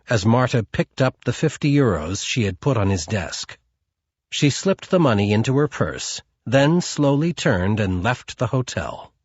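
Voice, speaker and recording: Slow, husky male audiobook narrator. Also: mid-range voice, no room sound, muffled recording. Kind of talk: scripted narration.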